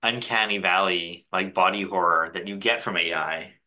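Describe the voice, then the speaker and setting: Low, bright-toned man in casual chat. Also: normal speed. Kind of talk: casual chat about a comic.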